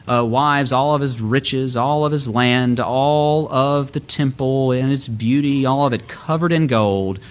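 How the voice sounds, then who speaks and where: A man's voice: mid-range voice, measured pace, few pauses. A middle-aged man preaching a sermon, explaining scripture earnestly and lifting his voice when he quotes it.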